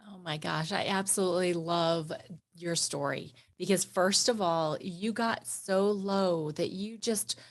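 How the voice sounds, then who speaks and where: A woman hosting a podcast interview, reflecting back her guest's story and asking warm, affirming questions. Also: on the low side, a little slow. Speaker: podcast host.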